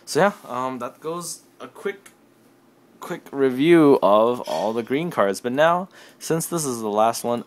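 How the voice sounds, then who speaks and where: A tired young man casually reviewing trading cards from his desk, rambling and self-deprecating. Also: mid-range voice. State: tired and yawning. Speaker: card game reviewer. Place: home desk.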